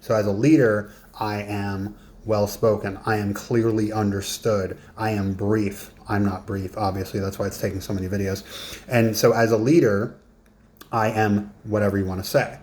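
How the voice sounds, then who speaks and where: A man's voice: lowish voice, flat delivery, normal speed, a little mellow, a little hiss or hum. A man coaching in a casual, conversational lesson, emphatic and given to joking asides. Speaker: business and life coach.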